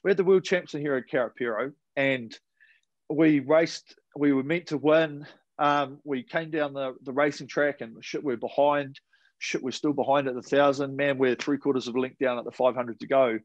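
A man's voice: medium pitch, steady tone, normal speed, no room sound, lo-fi sound. A man with a New Zealand accent, a podcast guest telling sports stories in a laid-back, slangy way with casual swearing. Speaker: podcast guest, retired rower. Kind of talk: casual storytelling chat.

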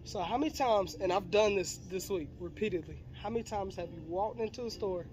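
A man's voice: high voice, brisk. Laid-back man chatting over music. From South Carolina. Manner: laid-back, laughs often, says "okay, okay". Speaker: vlogger. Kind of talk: casual vlog chat.

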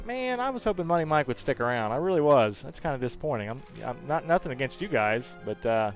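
A man's voice: medium pitch, highs cut off. Chatty male gaming streamer. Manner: chatty, reads viewer comments aloud and answers them warmly by name; friendly, teasing banter with regular viewers. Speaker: livestream host. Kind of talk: casual live-stream chat while gaming.

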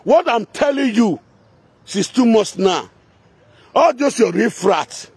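His voice very high, expressive and slightly rough, a man takes it slowly through a confrontational rant in a Nigerian Pidgin Edo accent. The heated delivery blends speech with singsong chanting and repetition, and there is no echo.

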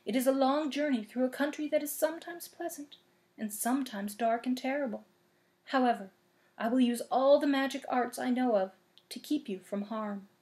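Witch of the North, a woman doing a high motherly old witch. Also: normal speed, darkish tone. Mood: kindly. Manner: solemn, motherly. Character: kind little old female witch, gentle.

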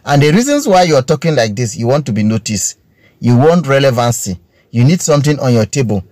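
A man's voice: medium pitch, sing-song, a little fast, a little mellow, dry recording. A man with a Nigerian English accent, speaking to his viewers in an earnest, preachy monologue on current affairs, stretching out key phrases and repeating his points. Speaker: social commentator addressing his viewers.

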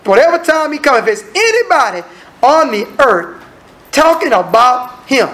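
Speaking at a moderate pace in a very high voice, this man delivers an evening sermon in a church sanctuary. He is lively and acts out each quoted voice.

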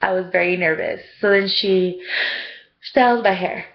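A woman's voice: medium pitch, normal speed, gravelly, highs cut off. A young woman casually telling a rambling story for her vlog, full of "like" and "um". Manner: chatty, rambling, lots of "like" and "um". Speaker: vlogger.

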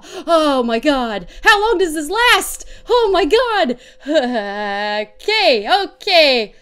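A woman's voice: high-pitched, sing-song, slow pace, few pauses, fairly bright tone. A young woman playing a horror game on her channel, panicking, shrieking and laughing nervously as she talks. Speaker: let's play gamer.

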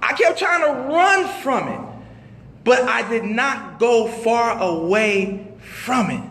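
A male minister tells his own story from the pulpit, animated and full of street slang. His voice sits very high and swings up and down. It rings through a mosque hall with a long reverb tail. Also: takes it slowly. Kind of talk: testimony sermon.

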